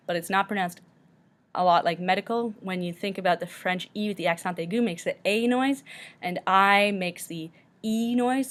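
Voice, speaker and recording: A woman gives a recorded French lesson to her class. She talks slowly and carefully and says each example word twice. Her voice sits fairly low for a woman. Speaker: French teacher.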